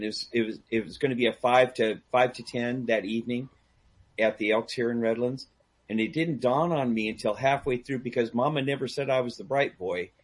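A man telling a long story in casual chat, animated and laughing, acting out the people he quotes. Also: mid-range voice, breathy edge. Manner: animated, acts out quoted voices, laughs a lot. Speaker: guest storyteller; DJ and karaoke host. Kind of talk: casual storytelling on a call-in talk show.

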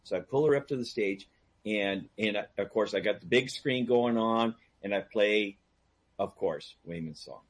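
A man telling a long story in casual chat, animated and laughing, acting out the people he quotes. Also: fairly low pitch, moderate pace, husky. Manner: animated, acts out quoted voices, laughs a lot. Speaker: guest storyteller; DJ and karaoke host. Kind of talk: casual storytelling on a call-in talk show.

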